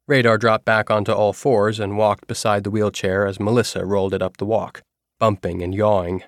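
A man reading a novel aloud as narrator, in an even storytelling manner. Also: on the low side, moderate pace, no room sound, studio quality. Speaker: audiobook narrator. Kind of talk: scripted narration.

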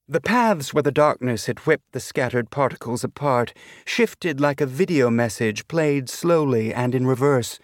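A man reading a novel aloud as an audiobook narrator, with a measured, deliberate delivery. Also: medium pitch, no echo, studio quality. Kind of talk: scripted narration.

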